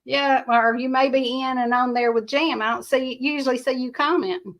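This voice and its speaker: A woman's voice: high voice, fairly even intonation, moderate pace. An older woman, hosting a rambling livestream, chatting casually and answering viewer comments in a folksy way. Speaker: livestream host.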